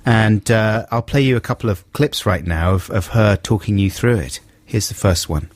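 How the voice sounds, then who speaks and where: A man's voice: on the low side, moderate pace, dry recording. A British man hosting a radio show, chatting casually and playfully with his co-host. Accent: British English. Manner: playful, with jokey silly voices. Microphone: studio microphone.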